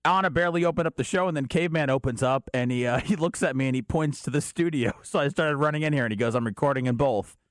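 A man's voice: a little high, fast talker, hardly any pauses, dry recording, clean studio sound. A man co-hosting a podcast, teasing his partner in casual banter and swearing freely. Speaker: podcast co-host.

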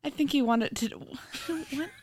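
A woman's voice: sits high, slow pace, darkish tone. A young woman co-hosting a casual movie chat, playful and laughing often. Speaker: podcast co-host.

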